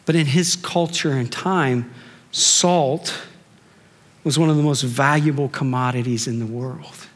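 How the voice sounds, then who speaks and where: A man pastor preaching a sermon in a conversational way, with rhetorical questions and drawn-out emphasis. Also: fairly high pitch. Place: church sanctuary. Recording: long church reverb.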